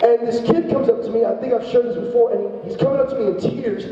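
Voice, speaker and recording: A young man giving an evangelistic talk to a high school club, telling stories and acting out the voices in them. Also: quick pace. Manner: animated storytelling with acted-out quotes. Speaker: youth speaker. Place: large high school room with a crowd of students. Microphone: distant from the recording device. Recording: echoey hall from far off, dull sound.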